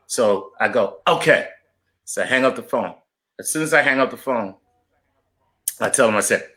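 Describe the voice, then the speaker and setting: A man's voice: medium pitch, moderate pace. A man, a comedian, telling a profane story in casual chat, acting out the other people in it. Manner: animated, profane storyteller doing voices. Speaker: comedian guest.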